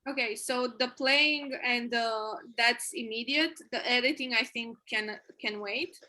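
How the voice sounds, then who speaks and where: A woman's voice: on the high side, unhurried, pushed and bright, low-quality recording. A woman on a team video call, going through app features point by point in a methodical way. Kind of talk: casual work meeting.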